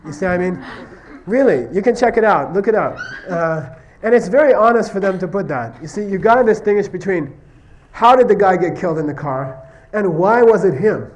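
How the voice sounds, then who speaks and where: Male Buddhist teacher, slightly high voice, chatty lecture, constant "okay?" check-ins. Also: animated, fairly quick, highs cut off. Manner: repeatedly checks understanding with "okay?" and "you see what I mean?"; tells stories, acting out question-and-answer exchanges. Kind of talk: conversational classroom lecture.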